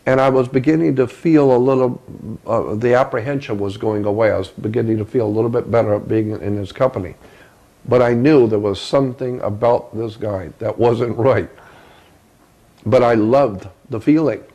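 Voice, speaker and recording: An older man recounting a personal memory in a halting way, often repeating words as he searches for them. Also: medium pitch, mellow. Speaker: researcher telling a personal story. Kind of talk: first-person storytelling.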